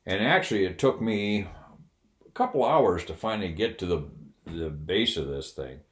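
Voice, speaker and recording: Deep-voiced older man telling a wry story. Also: lively intonation, moderate pace. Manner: wry, candid, with frequent fillers and chuckles. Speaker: retired Air Force officer telling a story. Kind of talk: casual anecdote storytelling. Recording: roomy echo.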